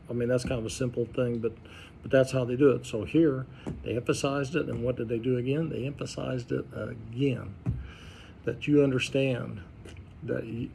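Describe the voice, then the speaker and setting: Gravelly-voiced man teaching Bible study. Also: mid-range voice, mellow, a little hiss or hum. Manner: conversational, quizzes the group with questions. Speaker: pastor leading a Bible study. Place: church study group room.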